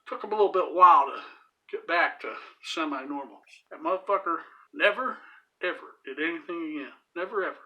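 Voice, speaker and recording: Bright-voiced man, profane cooking vlogger. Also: high-pitched, lively intonation, a little fast. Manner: profane, laughing, rambling anecdote delivery. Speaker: home cooking channel host. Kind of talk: crude storytelling while cooking.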